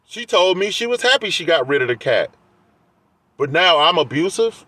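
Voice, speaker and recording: A man's voice: a little high, very animated, normal speed, sharp tone. A man vlogging in a heated, defensive rant, airing grievances to his viewers. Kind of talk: casual rant to camera.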